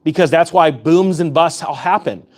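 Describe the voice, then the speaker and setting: A man delivers impassioned commentary straight to his viewers, his voice sitting on the higher side. He sounds fired up and urgent, hammering home his points by repeating them. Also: moderate pace. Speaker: finance YouTuber. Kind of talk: impassioned direct-to-camera commentary.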